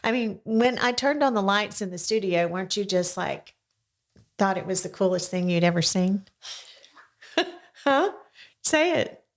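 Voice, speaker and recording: Older woman host, slow and coaxing. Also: mid-range voice, animated. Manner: coaxing, slow questions that prompt a child to answer. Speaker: podcast host interviewing her grandson. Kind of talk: casual interview chat. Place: small home podcast studio.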